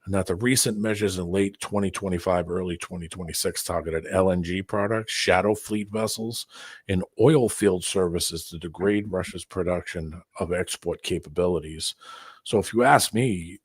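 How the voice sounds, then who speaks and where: Husky low-voiced male panelist. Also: normal speed, dry recording, clean studio sound. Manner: blunt, reads out news, swears.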